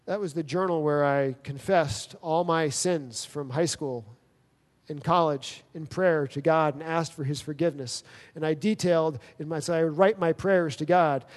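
High-voiced pastor in a reverberant hall. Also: male voice, normal speed. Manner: storytelling with quoted dialogue, conversational. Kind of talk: sermon. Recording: long reverb of a large hall.

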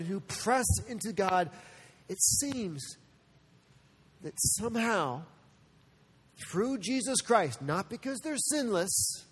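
High-voiced man preaching a sermon. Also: big-room sound, a little hiss or hum. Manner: earnest, shifts between soft and animated. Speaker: pastor.

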